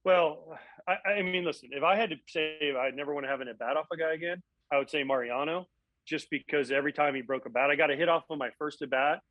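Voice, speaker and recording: Lively storytelling former ballplayer. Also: male voice, fairly high pitch, quick pace, no room sound, muffled recording. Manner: animated, acts out quotes. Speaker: guest, former catcher and analyst. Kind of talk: casual storytelling interview.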